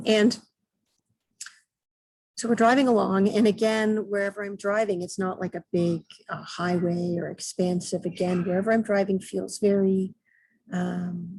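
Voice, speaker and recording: Middle-aged woman spiritual vlogger, husky low voice, calm halting delivery, dry close sound. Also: dry recording, poor audio. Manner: calm, hesitant, many ums and throat clears. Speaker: intuitive soul guide and mentor. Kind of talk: casual spiritual vlog monologue.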